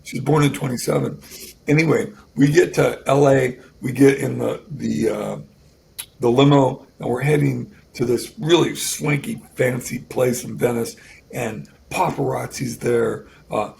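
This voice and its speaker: A man in his sixties tells a personal story as a guest, circling back and restarting his sentences. His voice is heavily gravelly with a lot of vocal fry. A faint hiss of noise sits under it. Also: mid-range voice, steady tone, darkish tone. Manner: halting, with restarts and repeated words. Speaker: guest musician.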